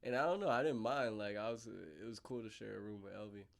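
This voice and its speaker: A young man with a fairly low voice hosts a casual podcast chat. He tells childhood stories in a laid-back, slangy drawl. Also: fast talker, creaky. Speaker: podcast host.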